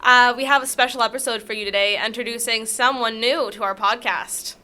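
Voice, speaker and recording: A woman hosting a casual comedy podcast, asking short questions in a playful, deadpan way. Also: fairly high pitch, a little fast. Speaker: podcast host.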